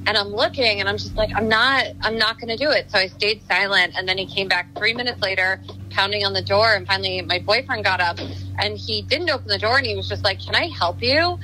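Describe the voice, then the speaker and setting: A woman's voice: mid-range voice, a little fast, sharp tone, a little hiss or hum, rough recording. A woman chatting casually on a video call, laughing often and acting out what people said. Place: her condo.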